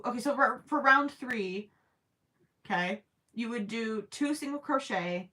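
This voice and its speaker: A woman's voice: a little high, bright, forceful tone. A woman chatting casually with her viewers while she crochets, rambling with plenty of ums and self-deprecating asides. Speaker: crochet livestream host.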